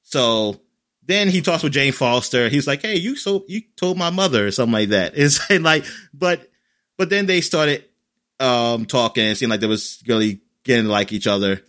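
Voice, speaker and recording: A man chats casually as he recaps a show, rambling and leaning on fillers. His voice sits at a middling pitch and has a bright, forceful edge, and he jumps up in pitch whenever he acts out a quoted line. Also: normal speed. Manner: rambling, filler-heavy, animated in quoted lines.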